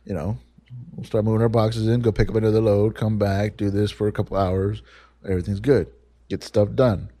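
A man with a dark, mellow voice tells a rambling story full of swearing, casual and animated. His voice is close and dry on a podcast microphone, with no room sound. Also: on the low side, brisk, no room sound.

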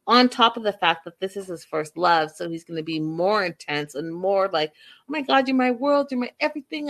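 A woman's voice: fairly low pitch, fairly bright tone. A woman giving blunt, casual commentary on a relationship, acting out quoted lines as she goes.

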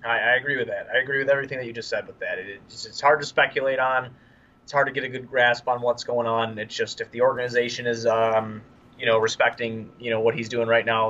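A man's voice: medium pitch, quick pace, dull audio. A man co-hosting a casual sports podcast, joking around and telling stories with energy. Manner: animated, jokey storyteller. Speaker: podcast co-host.

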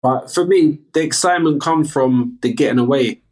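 A man with a South London accent talks as an interview guest. He speaks earnestly and openly in easy, chatty sentences. His voice sits at an everyday middle pitch for a man in his thirties. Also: normal speed, darkish tone. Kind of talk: casual interview chat.

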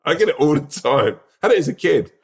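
A man's voice: on the high side, very animated, moderate pace, a little mellow, slightly rough. A man rambling in casual podcast chat, peppered with fillers and laughter. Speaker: podcast co-host.

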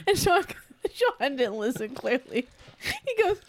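A woman's voice: sits high, sing-song, slow, a little hiss or hum. A woman co-hosting a podcast, telling stories in casual chat and laughing as she goes. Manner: giggly, laughs through her stories. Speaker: podcast co-host.

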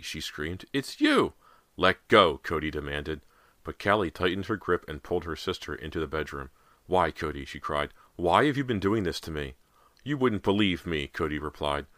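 Deep-voiced man narrating a horror audiobook. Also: sharp tone, dry recording. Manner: measured, suspenseful reading.

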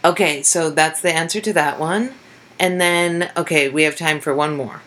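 Speaking at a normal pace in a low, slightly bright voice, this young comedian rambles through casual chat as a podcast co-host. She swears without holding back and performs the quotes she repeats.

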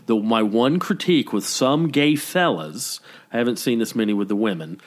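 A man co-hosting a casual podcast chat, telling a story with lively, animated delivery and acting out what people said. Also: moderate pace. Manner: animated storytelling, acting out quoted lines with big pitch jumps. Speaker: podcast co-host. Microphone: podcast microphone.

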